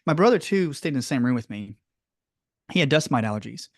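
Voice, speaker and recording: A middle-aged man chatting as an interview guest, rambling and warm. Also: mid-range voice, animated, fairly quick, no echo, studio quality. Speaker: guest, clinic owner. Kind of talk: casual interview.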